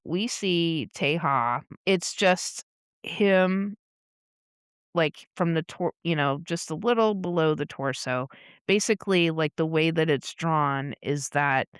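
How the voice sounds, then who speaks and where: Slow-talking woman podcast co-host. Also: sits low, clear, resonant tone, no room sound, clean studio sound. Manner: animated retelling, laughs often, swears casually. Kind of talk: casual chat recapping a comic.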